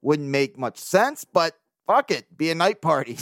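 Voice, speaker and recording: A man's voice: a little high, very animated, a little slow, a bit bright, dry recording, clean studio sound. A man hosting a casual solo sports podcast, talking in a loose, joking way, swearing now and then and laughing often. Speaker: podcast host.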